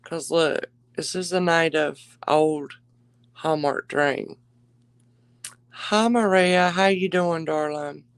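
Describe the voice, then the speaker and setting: A woman's voice: sits low, takes it slowly, clean tone, no echo, poor audio. A woman hosting a live jewelry auction stream, chatty and gushing, calling her viewers darling and y'all. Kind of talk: casual live-stream selling chat.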